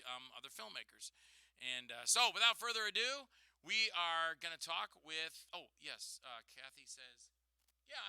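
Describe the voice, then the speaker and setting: A man's voice: on the high side, sharp tone, smooth, no room sound. An older man hosting a live radio talk show, chatty and joking, acting out what other people say in his stories. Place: radio studio.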